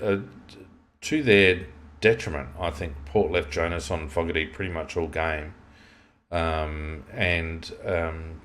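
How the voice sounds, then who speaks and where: An Australian man co-hosting a football podcast, talking in an opinionated, rambling way with restarts. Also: sits low. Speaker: podcast co-host. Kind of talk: casual football chat.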